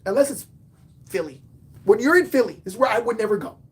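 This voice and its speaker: A man with a fairly high voice talks through a live-stream sports show in a casual, unscripted way. He is excitable and swings between loud, punchy outbursts and quiet muttered asides. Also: fast talker. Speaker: podcast host and sports fan; bartender.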